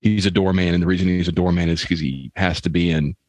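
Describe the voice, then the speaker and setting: A man co-hosting a comedy podcast, asking wry questions in a halting way with frequent restarts. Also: low voice, steady tone, darkish tone, dry recording. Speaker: podcast co-host. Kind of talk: casual comedic chat.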